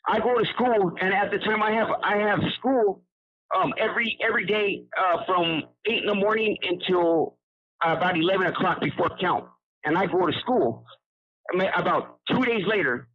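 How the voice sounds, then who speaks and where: A high-pitched, husky male voice comes through a tinny prison phone line. The incarcerated storyteller recounts events casually in street slang, rambling and restarting as he goes.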